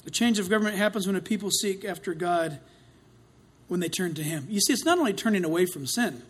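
A man preaching a sermon, swinging between loud outcries and hushed asides, with a dramatic delivery. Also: high voice, animated, fast talker, slightly rough.

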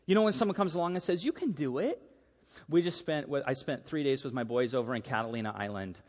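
A man's voice: mid-range voice, quick pace, in a large hall. A middle-aged man preaching a sermon as a pastor, telling stories animatedly and acting out the quotes.

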